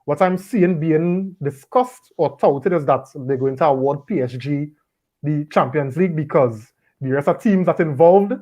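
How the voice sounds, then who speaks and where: A man hosting a casual football chat, relaxed and repeating words as he thinks. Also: on the high side, normal speed. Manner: relaxed, repeats words while gathering thoughts. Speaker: podcast host. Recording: dull lo-fi audio.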